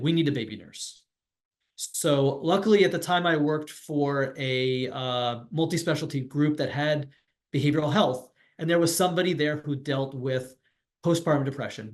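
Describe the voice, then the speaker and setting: A middle-aged man on a video call, telling his own story candidly and reflectively, often restarting his sentences. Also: fairly high pitch. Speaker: pediatrician and webinar panelist. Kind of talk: personal account on a professional webinar.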